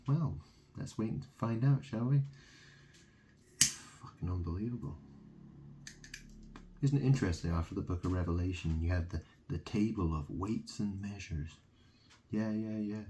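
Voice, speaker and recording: A man's voice: lowish voice, a little slow, long pauses, mellow. A man from England delivering a rambling solo monologue, ranting and mocking, swearing freely.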